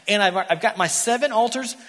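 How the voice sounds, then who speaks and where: A man's voice: sits high, brisk, a bit bright, pitched above the performer's own voice. A man voicing an eager, fawning ancient king who hurries his guest along, recorded in an echoey church hall. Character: eager scheming male king, pushy host.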